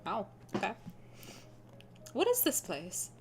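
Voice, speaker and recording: A young woman streamer playing a story game, reading the narration aloud and reacting in a chatty, animated way, often laughing. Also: mid-range voice, slow, a little hiss or hum.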